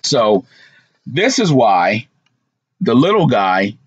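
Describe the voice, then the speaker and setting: A man's voice: medium pitch, sing-song, slow, breathy edge, highs cut off. A man hosting a trucking channel, talking casually through a list from his notes with asides and fillers. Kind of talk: casual commentary vlog.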